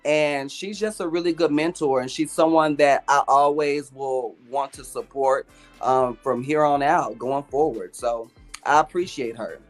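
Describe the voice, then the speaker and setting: A man co-host talking casually in a measured way, often pausing on ums. His pitch sits in the middle range, with soft music behind him. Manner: measured, sprinkled with ums and uhs. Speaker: podcast co-host. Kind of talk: casual recap chat.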